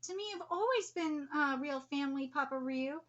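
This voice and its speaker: A woman's voice: high voice, moderate pace, a bit bright, muffled recording. A woman voicing a blunt, loving teenage girl while reading a manga aloud. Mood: insistent.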